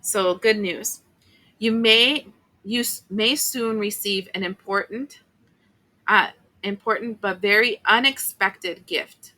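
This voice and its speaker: A woman's voice: mid-range voice, slow pace, bright, forceful tone, low-quality recording. A woman giving a casual, chatty tarot reading, emotional at times, with many fillers and asides. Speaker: tarot reader.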